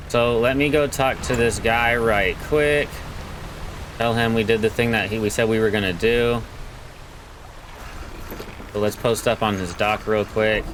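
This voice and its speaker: A man's voice: fairly low pitch, a bit bright, low-quality recording. Laid-back male let's-play host, slangy, joking, faint game music behind. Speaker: gaming channel host. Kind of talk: casual let's play commentary.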